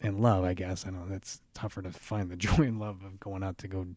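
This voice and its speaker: In a solo podcast monologue, the host speaks earnestly and reflectively, often restarting phrases and slipping in "right?" asides. His low voice is level, brisk and a little mellow, recorded with no echo.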